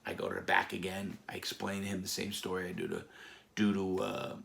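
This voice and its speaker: A man telling stories from his past in a casual, animated way, acting out other people's voices with sudden loud outbursts. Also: low-pitched, brisk, creaky. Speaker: former mob associate telling stories. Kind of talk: casual storytelling.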